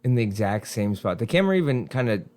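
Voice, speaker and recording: A young man co-hosting a casual TV review chat, reasoning through plot points in a relaxed way. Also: lowish voice, fast. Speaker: podcast co-host reviewing a TV series.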